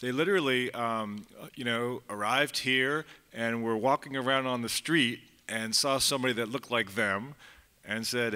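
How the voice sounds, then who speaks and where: Male panelist, bright, forceful voice, easy conversational manner. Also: mid-range voice, normal speed, clean tone. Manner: plain, conversational storytelling. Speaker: advocate for street vendors. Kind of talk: conference panel talk. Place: conference hall.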